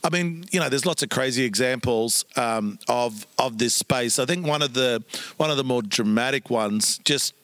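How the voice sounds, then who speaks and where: Earnest pastor telling stories. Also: male voice, mid-range voice, normal speed, fairly bright tone, dry recording. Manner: earnest, acts out quoted speech. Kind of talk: storytelling in conversation.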